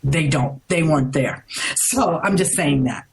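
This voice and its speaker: A middle-aged woman from the United States, a guest in an interview, telling a story in an animated, rambling way, restarting often. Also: sits low, unhurried, gravelly, a crowd in the background, low-quality recording. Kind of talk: casual storytelling.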